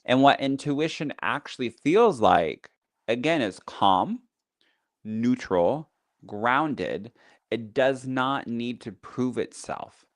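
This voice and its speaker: A man's voice: mid-range voice, lively intonation, slow pace, no room sound, clean studio sound. A man who teaches as a psychic medium, talking casually on a podcast in a chatty teaching tone full of fillers.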